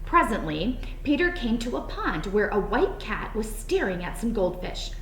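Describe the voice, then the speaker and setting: A woman reading a children's storybook aloud in an expressive, playful way. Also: medium pitch, moderate pace, slight background noise. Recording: roomy echo, faint background.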